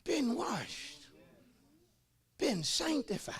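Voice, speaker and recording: A male pastor preaching at full force, his voice pitched unusually high and bright, with a gravelly, husky edge. He swings from soft asides to shouted, sung phrases and calls out to the congregation. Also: very animated, moderate pace. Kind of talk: sermon.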